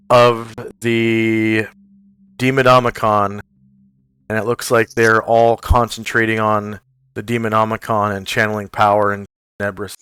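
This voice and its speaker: A man running a tabletop game as game master, narrating the scene and explaining rules in a casual, halting way full of fillers. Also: fairly low pitch, little pitch movement, bright, forceful tone, smooth, dry recording.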